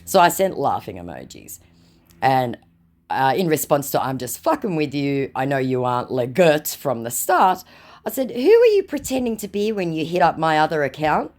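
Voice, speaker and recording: A woman narrates a storytime vlog about scam chats, reading the messages aloud in a sarcastic, mocking tone. Her voice sits low and a little mellow, swinging widely in pitch at a moderate pace.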